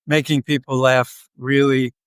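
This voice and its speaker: A man's voice: medium pitch, flat delivery, a little slow, smooth, no echo. A man in his seventies, a podcast guest, tells stories in a joking, easygoing way. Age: 70s. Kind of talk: casual interview storytelling.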